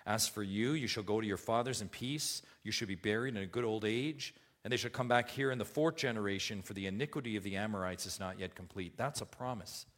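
A man's voice: on the low side, fairly quick, hardly any pauses, fairly bright tone. A man preaching an expository sermon, reading scripture aloud and asking his listeners questions, his voice rising and falling in volume. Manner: emphatic, rises and drops in volume, asks the listeners questions. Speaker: pastor.

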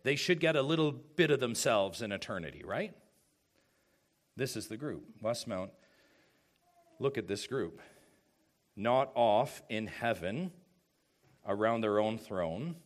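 A man preaching a sermon as pastor, slow and emphatic, swinging from hushed asides to loud calls and asking rhetorical questions. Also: lowish voice.

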